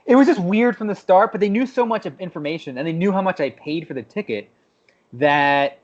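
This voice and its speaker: A young man co-hosting a podcast, telling a story in a lively way and acting out the people he quotes. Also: high voice, a little fast. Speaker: podcast co-host. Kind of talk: casual chat. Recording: dull lo-fi podcast audio.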